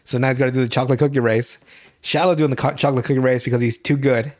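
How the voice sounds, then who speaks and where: A man's voice: mid-range voice, steady tone, rapid-fire. A young man hosting a podcast, recapping a TV show in casual, profane, rambling chat and laughing often. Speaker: podcast host.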